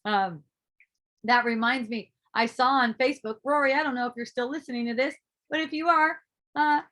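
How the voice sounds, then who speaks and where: A woman giving a casual spiritual talk, animated and laughing often, acting out her own inner voices and swearing freely. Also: high voice, normal speed. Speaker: spiritual teacher.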